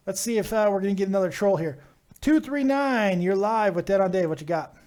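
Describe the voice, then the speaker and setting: Male host, higher voice, casual, crude jokes, live call-in show. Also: lively intonation, a little fast, darkish tone. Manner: loose, joking and profane, chats with callers.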